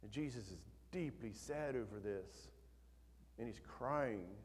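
A man's voice: slow pace, breathy edge. Preaching man in a reverberant church. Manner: swings from soft and low to loud and emphatic, reading scripture aloud. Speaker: pastor. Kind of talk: sermon. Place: church sanctuary. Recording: long hall reverb.

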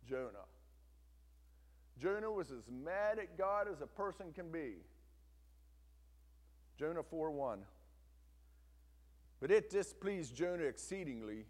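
A male pastor preaching with a somewhat high voice, storytelling with emphatic rises and drops. His voice carries through a church sanctuary with a long reverb. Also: animated, a little slow, pauses often, a little mellow. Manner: storytelling, emphatic, asks the congregation to listen. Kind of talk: sermon.

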